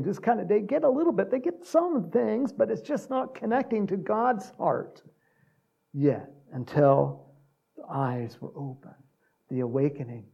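A man leads a Bible study in a loose, chatty preaching style. His voice is somewhat high for a man, with a gravelly, husky texture. He leans on fillers and quick chuckles as he talks his listeners through the passage. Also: highs cut off. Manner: conversational, many fillers, chuckles. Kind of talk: casual sermon.

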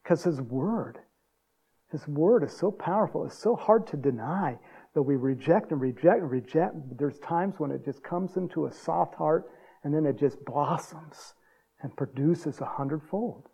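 A man preaching a sermon in a folksy, chuckling way, acting out quotes in a higher voice. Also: expressive, measured pace, vocal fry, dark tone, slightly rough. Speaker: pastor.

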